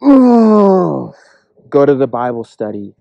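A man preaching a casual, earnest sermon, acting out imagined voices in quick asides. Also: a little high, animated, mellow, no room sound, muffled recording.

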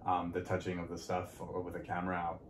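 Low-voiced man rambling in an echoey room. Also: completely flat delivery, fast talker. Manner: rambling, many fillers and self-corrections. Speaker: podcast guest. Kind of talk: casual frank conversation. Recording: echoey room, light background noise.

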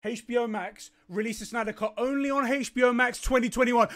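A man's voice: extremely high pitch, a little fast, few pauses, fairly bright tone. A young man streaming live, swearing and laughing in disbelief as he reacts.

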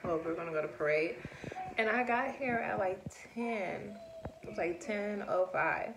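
Young woman, casual vlog chatter, slangy and rambling, handheld phone mic, steady background hiss. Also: mid-range voice, normal speed. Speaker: vlogger and mother. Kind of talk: casual vlog chat to camera. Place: home, then outdoors. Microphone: handheld phone camera.

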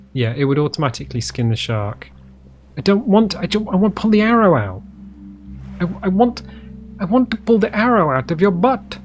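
Goofy, lively-voiced game streamer. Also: mid-range voice. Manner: goofy, joking, talks to the game. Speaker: gameplay streamer. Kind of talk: casual gameplay commentary.

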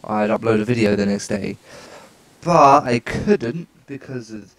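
A man's voice: medium pitch, sing-song, measured pace, gravelly, fairly bright tone. Chatty, joking male let's player. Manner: reads game dialogue aloud, joking and self-mocking asides; chatty and rambling in asides. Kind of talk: casual gameplay commentary.

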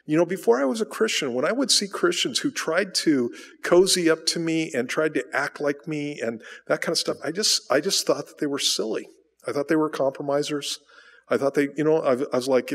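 A man's voice: a little high, lively intonation, moderate pace, big-room sound. A male pastor giving a conversational sermon, asking rhetorical questions and repeating words as he rephrases, recorded in a church sanctuary. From United States.

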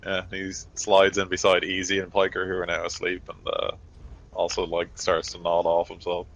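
Brief: game master, very low voice, rambling and casual in his narration. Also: completely flat delivery, normal speed, fairly bright tone, rough recording. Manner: loose, rambling narration full of fillers.

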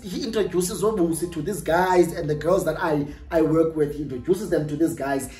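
A young adult YouTuber with a South African accent, telling a storytime in an animated, gossipy way and dropping in Xhosa phrases and tag questions. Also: medium pitch. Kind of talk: storytime vlog. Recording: roomy echo with faint music.

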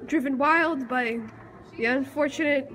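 A woman's voice: high-pitched, a little slow, rough recording. A woman chatting casually and teasing her friend playfully. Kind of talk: casual chat. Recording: loud crowd noise.

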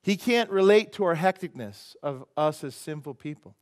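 A male pastor whose voice sits high for a man preaches a sermon at a church service. He talks to the congregation in a chatty way and keeps asking them questions. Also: lively intonation, normal speed. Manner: chatty, asks the crowd "how many know", preaches then prays softly.

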